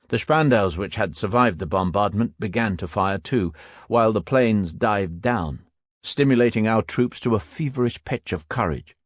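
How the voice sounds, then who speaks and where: A man narrating a first-person war memoir audiobook in a steady, grave manner. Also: on the low side, no echo, studio quality.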